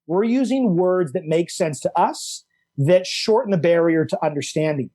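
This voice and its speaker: A middle-aged man, a coach and author, explaining ideas with animated emphasis, repeating key words for effect. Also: high-pitched, moderate pace. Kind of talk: enthusiastic explanatory conversation.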